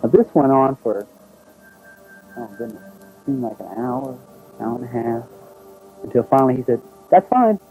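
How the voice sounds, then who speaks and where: A man's voice: medium pitch, fairly even intonation, normal speed, pauses often, mellow, faint music behind, rough recording. A man tells his own experience in a plain, folksy way, acting out what others said. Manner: plain storytelling, folksy, acts out quoted speech. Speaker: witness recounting an experience. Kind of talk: spoken first-person account.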